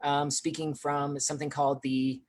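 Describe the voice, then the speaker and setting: A speaker gives a presentation on accents in a mid-pitched voice, hurrying through the points. The delivery is casual and full of "um"s and restarts. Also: level tone. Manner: rushed, with frequent fillers. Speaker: featured speaker.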